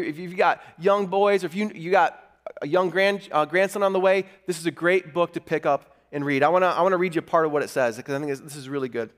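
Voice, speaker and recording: Earnest preacher man, slightly high voice. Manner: earnest storytelling preacher with lively asides. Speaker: pastor. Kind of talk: sermon.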